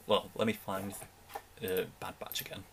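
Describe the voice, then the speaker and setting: A man's voice: low-pitched, level tone, normal speed, a little hiss or hum. A young man giving a casual, rambling reaction commentary, often restarting his sentences as an enthusiastic fan. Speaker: reaction video host.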